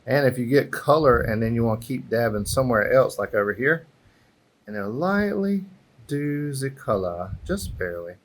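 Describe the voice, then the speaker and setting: A man's voice: mid-range voice, expressive, normal speed. A man giving a casual craft tutorial on an outdoor patio, chatty and encouraging, thinking aloud as he works, recorded on a camera microphone. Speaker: airbrush artist teaching a craft.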